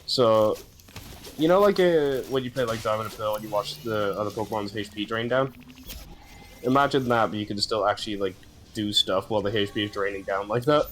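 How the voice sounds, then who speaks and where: A man's voice: on the low side, fairly quick, a little hiss or hum. Chatty man streaming a game. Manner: chatty, explains game mechanics at length. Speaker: gaming streamer host. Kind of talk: casual gaming chat.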